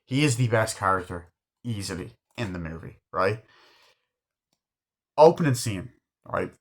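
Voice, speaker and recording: A man's voice: lowish voice, lively intonation, measured pace. A man casually reviewing a film, enthusiastic and swearing constantly while he acts out scenes. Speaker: movie reviewer. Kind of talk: casual movie review chat.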